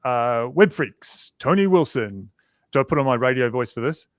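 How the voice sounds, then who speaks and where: A man's voice: mid-range voice, animated, normal speed, dry recording. A male guest on a livestream, chatting casually in a self-mocking, joking way.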